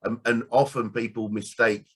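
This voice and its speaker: A man with a Northern English accent hosts a business interview, voicing short affirmations and asking questions with halting restarts. His voice sits at an average male pitch. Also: fairly even intonation, husky. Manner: affirming, hesitant phrasing.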